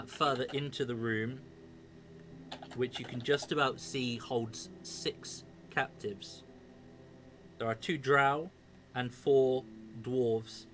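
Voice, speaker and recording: Male game master, relaxed and self-mocking narration, even middle pitch, faint hiss behind. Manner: laid-back, self-mocking, stumbles over words.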